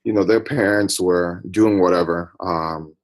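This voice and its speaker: A man's voice: low-pitched, measured pace. A man from the United States, a podcast guest, recounting his life story in a reflective, personal way. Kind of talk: interview storytelling.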